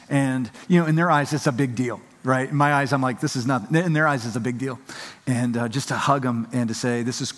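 Speaking with a slightly high, somewhat bright voice, this male pastor delivers a sermon that feels both conversational and emphatic. He acts out quotations and often starts his sentences over. The audio carries the long echo of a big hall.

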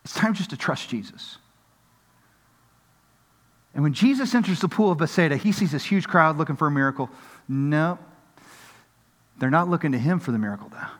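A male pastor delivering a sermon with animated preaching that acts out the voices of people in the story. His voice sits a little high for a man. The sound carries a long reverb, as in a large hall. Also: moderate pace, pauses often.

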